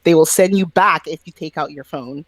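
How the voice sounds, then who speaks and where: A man on a video call telling a story in a relaxed, animated way, acting out the lines of the people he quotes. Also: a little high, a little fast, slight background noise. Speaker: podcast guest. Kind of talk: casual storytelling chat.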